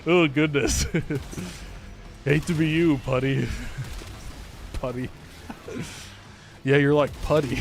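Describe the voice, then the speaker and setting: A man live-streaming a video game, chatting casually with viewers, joking and laughing often. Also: fairly high pitch. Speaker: gaming streamer.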